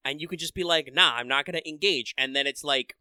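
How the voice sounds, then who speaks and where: A man's voice: a little high, quick pace, pushed and bright, clear, resonant tone, dry recording, clean studio sound. A man co-hosting a podcast, chatting casually in a rambling, profane way with lots of restarts. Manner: rambling, profane, self-interrupting; restarts and filler words. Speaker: podcast co-host. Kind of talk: casual chat.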